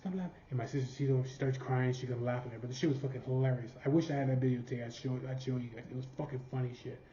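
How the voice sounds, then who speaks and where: A man's voice: mid-range voice, level tone, racing, warm tone, slight background noise. A man from California telling a rambling, profanity-filled family story in casual storytelling. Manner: profane, rambling, laughing at his own story. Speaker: vlogger. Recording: roomy, slightly dull sound.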